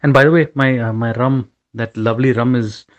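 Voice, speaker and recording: A middle-aged man in a mid-pitched voice chats over drinks, a little tipsy. He rambles loosely, with restarts and friendly asides. The tone is easygoing and affectionate. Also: fairly even intonation, brisk, lo-fi sound. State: a bit tipsy. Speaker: podcast co-host. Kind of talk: casual chat over drinks.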